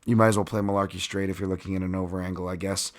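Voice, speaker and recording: A man's voice: sits low, flat delivery, racing. A man hosting a podcast, breaking down fight bets in a rambling, self-mocking way and chuckling often. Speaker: podcast host. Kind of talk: casual sports-betting breakdown.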